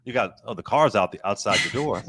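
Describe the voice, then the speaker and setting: A man's voice: mid-range voice, heavy background noise. A man guest-hosting a political commentary show, talking in an impassioned, emphatic way and repeating words for stress. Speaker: guest host.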